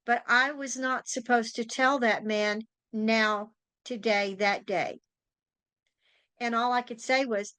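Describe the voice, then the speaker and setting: A woman who is a psychic and tarot teacher hosts a podcast talk show, chatting casually and telling anecdotes while acting out quoted voices. Her voice is on the high side, bright and forceful, with a steady tone and slow pace, recorded clean with no echo.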